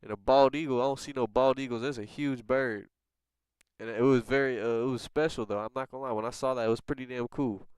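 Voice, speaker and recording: A man's voice: mid-range voice, fairly even intonation, quick pace, a little mellow, clean tone, no room sound. A young man hosting a casual livestream, chatting with viewers in a laid-back, slangy way and laughing often. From United States. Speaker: livestream host reading chat.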